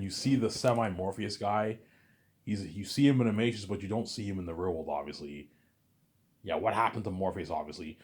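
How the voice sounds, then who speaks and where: A man's voice: low-pitched, fairly quick, slightly rough. A man vlogger ranting in a casual monologue, repeating himself and swearing freely. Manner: repetitive, profane ranting.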